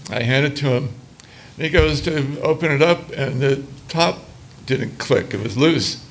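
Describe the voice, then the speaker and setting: Gravelly older man telling club stories. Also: medium pitch, unhurried. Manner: laughing, acts out quoted dialogue. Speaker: panelist, former music booker. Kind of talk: casual storytelling on a panel. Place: museum talk before a small audience.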